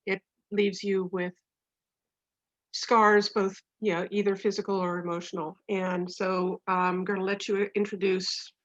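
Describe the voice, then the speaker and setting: A woman's voice: mid-range voice, flat delivery, measured pace, a bit bright, dry recording. A woman in her sixties introducing her husband's poems in a casual chat, gushing and laughing often. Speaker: co-host, poet's wife. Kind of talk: casual introductions on a video call. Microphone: computer mic on video call. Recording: dull lo-fi video call audio.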